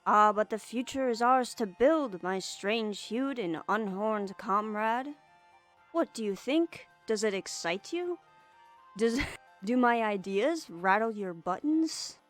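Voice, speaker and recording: A woman's voice: a little high, animated, slow pace, soft background music, voice pushed up. Woman doing a pompous young troll boy. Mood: eager. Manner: pompous, flowery old-fashioned phrasing. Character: grandiloquent young male troll, eager, theatrical. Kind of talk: reading game dialogue aloud in character.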